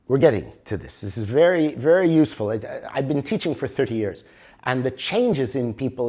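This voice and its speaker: An older man teaching a motivational workshop, animated and always checking for agreement with the audience. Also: medium pitch. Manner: animated, keeps asking for agreement. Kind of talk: workshop lecture.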